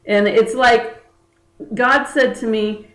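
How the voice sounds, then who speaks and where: A woman's voice: on the high side, steady tone, takes it slowly, reverberant, rough recording. A woman energy healer talking to her viewers in a casual spiritual chat, earnest and chatty, with many fillers and restarts. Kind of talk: casual spiritual talk to camera.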